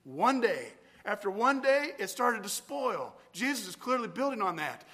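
A male pastor preaching a sermon in a church, earnest and deliberate, drifting into spoken prayer. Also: sits high, very animated, pushed and bright. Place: church sanctuary. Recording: long church hall reverb.

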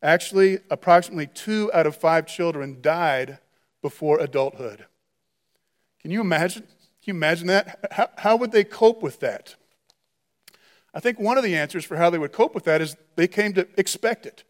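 A man preaching a sermon, telling the story in an animated way and often restarting his words. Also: fairly high pitch, moderate pace. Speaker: pastor.

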